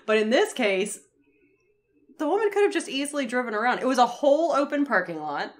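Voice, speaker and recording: A woman's voice: high voice, very animated, fairly quick. A woman co-hosting a podcast, chatting casually about a TV episode and laughing easily. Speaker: podcast co-host. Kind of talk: casual chat recapping a TV episode.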